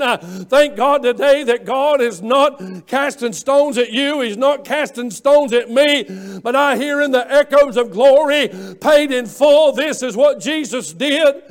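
A man preaching a sermon, fervent, with rising shouts and frequent "uh" fillers. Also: very high voice, a little slow.

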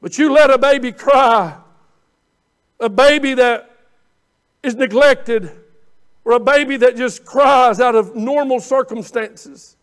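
A pastor preaching a sermon with passion, swinging from quiet pleading to shouting and often repeating words as he builds. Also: very high voice, slow, long pauses, clear, resonant tone. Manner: repeats words and restarts phrases.

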